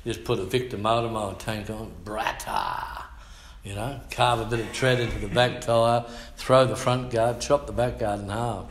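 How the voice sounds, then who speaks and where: An older Australian man, a pastor, preaches a sermon in church, sharing his testimony in a colloquial, slangy, emphatic style. His voice is on the low side with fairly even intonation and a moderate pace, heard in a reverberant space with slight background noise.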